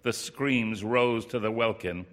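A man's voice: lowish voice, takes it slowly, a bit bright. A man reading a first-person story aloud in a plain, wry, rueful storytelling manner.

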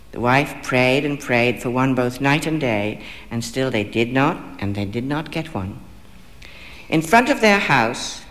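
A man reading a fairy tale aloud, measured and expressive, lingering on phrases. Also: mid-range voice. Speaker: storyteller. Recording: long hall reverb.

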